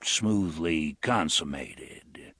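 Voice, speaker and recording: A man voicing a gaunt, haughty older landowner with a cool, measured manner in an audiobook. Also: very deep voice, bright, forceful tone, husky, dry recording, studio quality, pitched below the performer's own voice, exaggerated voice. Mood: disdainful. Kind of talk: audiobook character voice.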